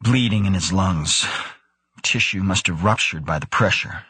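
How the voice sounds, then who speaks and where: A man voicing a cheerful, teasing older male colleague with a relaxed, wry manner. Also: deep voice, normal speed, husky, no echo, exaggerated voice. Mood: jovial.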